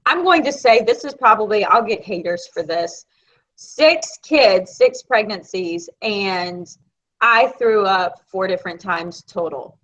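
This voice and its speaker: A woman from Florida with a Southern American accent, co-hosting a casual live chat and telling stories in an animated, chatty way. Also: medium pitch, a little slow. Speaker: co-host of a live video chat. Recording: dull lo-fi sound.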